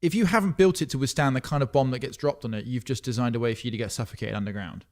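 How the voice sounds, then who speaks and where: A man's voice: mid-range voice, very fast, a little mellow. A man hosting a casual chat podcast, who states strong opinions bluntly and swears freely. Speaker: podcast host.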